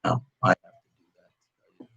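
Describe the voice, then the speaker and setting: A man's voice: bright, forceful tone, muffled recording. A man leading a church devotional, speaking with heartfelt hesitation and reading scripture aloud while recovering from illness. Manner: slow, heartfelt, with hesitant restarts.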